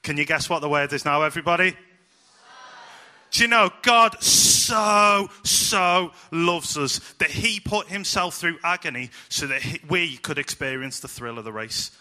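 A man preaching to a church congregation with a very bright, ringing tone, his voice sitting a little high for a man. He talks in a lively, chatty way, quizzing the children and teasing them. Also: moderate pace, hardly any pauses. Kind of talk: informal sermon to a church congregation.

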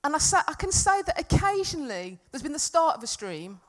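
A woman preaching a sermon to a congregation, earnest and emphatic, swinging from loud peaks to soft, quiet stretches. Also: high-pitched, very animated, a little fast. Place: church hall with congregation.

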